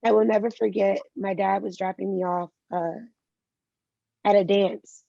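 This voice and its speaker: Woman guest, gravelly texture, candid storyteller who voices the people she quotes; dry, dull call-quality audio. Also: mid-range voice, measured pace, no echo. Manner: candid storytelling, animated quoting of others. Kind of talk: interview conversation.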